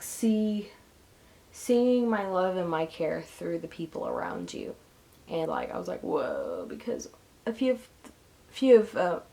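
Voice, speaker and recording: A young woman vlogging casually, rambling and self-deprecating, often jumping into a high squeaky voice for jokes. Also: creaky, warm tone. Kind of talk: casual vlog monologue.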